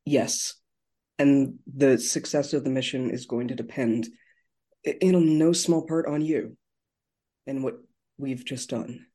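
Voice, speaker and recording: A man playing in a tabletop game talks in character with calm reassurance. His voice is mellow and husky. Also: medium pitch, takes it slowly, pauses often. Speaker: player.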